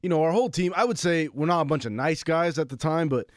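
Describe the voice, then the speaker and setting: A man's voice: a little high, fast talker, dry recording, studio quality. A man co-hosting a casual sports podcast, a former college football player who tells stories with energy and acts out his own quotes.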